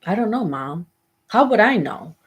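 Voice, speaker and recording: A woman's voice: mid-range voice, very animated, moderate pace, husky, voice pushed up. A woman reading the lines of a scared ten-year-old girl, asking anxious questions in a plain way.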